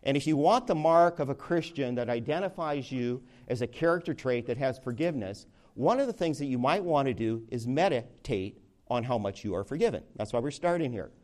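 A man leading a Bible study, teaching in a conversational way with frequent restarts, and rising in pitch to stress key words. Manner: lively, rising emphasis on key words, slows for scripture reading. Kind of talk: sermon-style Bible teaching.

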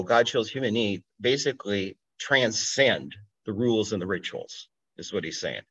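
A man delivers a sermon in a relaxed, conversational way, pausing to check in with his listeners. His voice sits at an ordinary middle pitch. The recording sounds dull and lo-fi. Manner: conversational, explaining scripture with frequent "okay?" checks. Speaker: preacher.

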